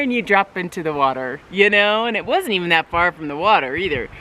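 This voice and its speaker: A woman vlogger telling a casual story, getting animated with sudden high bursts when excited. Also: brisk, hardly any pauses. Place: outdoors at a forest cabin.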